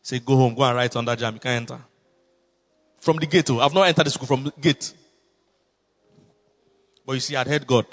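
A man with a Nigerian accent, a pastor telling a story in a sermon, swinging between low asides and loud exclamations. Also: brisk, long pauses, faint music behind. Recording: long hall reverb.

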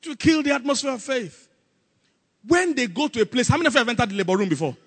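A man preaches in a high, bright, slightly husky voice. He throws questions at the congregation and acts out the scenes he describes. The sound rings with a long hall reverb. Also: quick pace. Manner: animated, call-and-response with congregation, acts out Bible scenes. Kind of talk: sermon.

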